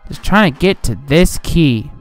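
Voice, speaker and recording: A young man giving casual, rambling commentary over a game he is playing, getting frustrated and yelling at enemies. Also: fairly high pitch, lively intonation, a little slow, dry recording. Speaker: gaming channel host. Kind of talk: casual let's play commentary. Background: game music.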